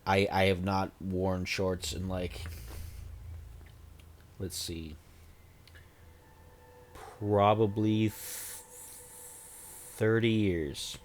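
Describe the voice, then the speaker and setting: A man's voice: sits low, flat delivery, drawn-out words, long pauses, slight background noise. A man in his forties chatting casually on a livestream, rambling with self-deprecating, jokey asides into a desk microphone. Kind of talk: casual stream chat.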